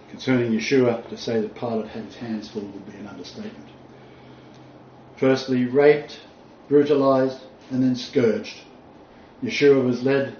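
A male preacher delivers a sermon with scripture reading, speaking emphatically and deliberately and citing his sources aloud. His dark, medium-pitched voice fills a roomy hall, captured by a distant mic with echo, a dull sound, and a bit of hiss or hum.

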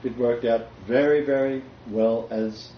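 An older man from Australia, preaching and telling a personal story with sudden loud peaks. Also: medium pitch, fairly even intonation, a little slow, roomy sound, highs cut off, a little hiss or hum.

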